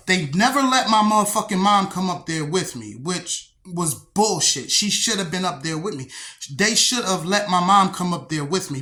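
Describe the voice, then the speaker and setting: A young man casually telling a story from his own life, profane and streetwise, acting out the dialogue as he goes. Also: high-pitched. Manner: profane, streetwise, animated retelling with acted-out dialogue.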